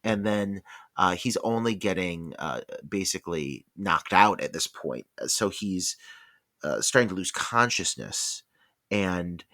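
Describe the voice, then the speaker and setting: A man's voice: low-pitched, expressive, a little slow, sharp tone, no echo, studio quality. A man co-hosting a horror movie podcast, talking casually and animatedly, full of fillers and swearing. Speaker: podcast co-host.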